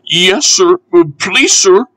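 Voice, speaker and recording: Percy, a squeaky cheeky little engine. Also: male voice, sing-song, takes it slowly, no echo, full character voice. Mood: nervous. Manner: cheeky and whiny, nervous when scolded. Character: cheeky small young male tank engine. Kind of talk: storybook character voice.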